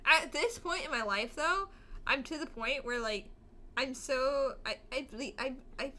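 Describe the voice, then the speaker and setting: A woman's voice: high-pitched, pushed and bright. A young woman in her twenties co-hosting a podcast, talking casually with lots of laughter, fillers and restarts. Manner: fast, laughing, filler-heavy talk with many restarts. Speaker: podcast co-host. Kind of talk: casual chat.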